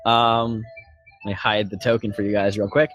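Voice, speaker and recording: A man narrating a tabletop game as game master, talking haltingly with many fillers. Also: lowish voice, little pitch movement, fairly bright tone, no echo, dull audio, faint music behind.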